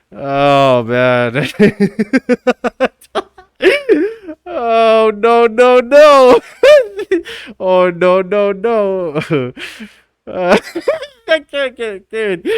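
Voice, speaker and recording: A man chats on a live stream in a mocking, swearing way, laughing at his own jokes and dropping "dude" into almost every sentence. His voice is very smooth and resonant. The sound is dry and close, with no room echo. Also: medium pitch, a bit bright. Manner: teasing, profane, keeps breaking into laughter; slangy, says dude constantly. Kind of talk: casual live-stream chat.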